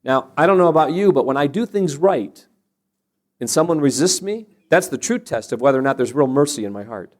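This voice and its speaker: Pitched fairly high, his voice moves with lively intonation at a slightly quick pace. He's a Christian parenting speaker giving earnest, sermon-like instruction full of stories, often starting phrases over while building his argument.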